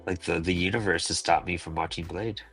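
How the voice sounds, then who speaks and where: A man's voice: deep voice, steady tone, brisk, vocal fry, fairly bright tone, husky, faint music behind. A man speaking frankly and laid-back as a guest in a casual chat. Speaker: guest comic creator.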